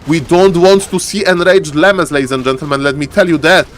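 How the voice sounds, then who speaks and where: A man giving excitable live commentary on a strategy game as a streamer, often calling out to the audience. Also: a little high, brisk. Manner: excitable, repeats catchphrase "ladies and gentlemen". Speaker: esports caster.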